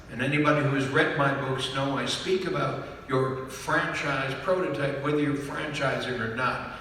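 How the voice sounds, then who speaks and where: A little hiss or hum runs under this far-miked recording in an echoey hall, where a business author speaks emphatically to a live audience. His voice is on the high side, bright and forceful, and he repeats key phrases while asking "do you understand?" again and again.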